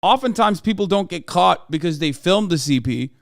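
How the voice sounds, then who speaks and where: A man's voice: high voice, lively intonation, moderate pace, creaky, no echo, studio quality. Heated, profane man ranting on stream. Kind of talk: live-stream reaction rant.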